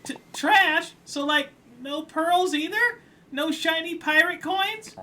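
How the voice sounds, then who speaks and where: A man putting on a jittery young hermit crab, voice pushed up high and squeaky with nerves. A shy game loner, bright-toned over faint hiss. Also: animated, unhurried, recorded from a distance, full character voice. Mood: nervous, pleading.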